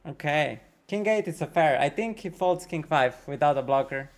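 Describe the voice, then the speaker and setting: A man streaming poker, thinking out loud about each hand, swearing often and questioning his own nerves as he talks to his chat. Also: a little high, lively intonation, moderate pace. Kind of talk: live-stream commentary while playing.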